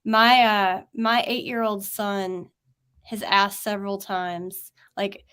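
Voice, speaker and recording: A woman's voice: mid-range voice, flat delivery, takes it slowly, a bit bright, clean tone. A woman with a Southern US accent hosting a webinar over a video call, chatty and laughing often, with many fillers. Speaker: webinar host and teacher. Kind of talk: casual chat.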